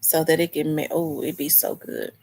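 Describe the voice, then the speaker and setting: Hosting a casual livestream, a woman chats with live viewers in a loose, rambling manner, restarting often and answering chat comments. Her voice is low, level, gravelly, and darkish at normal speed, with a little hiss or hum.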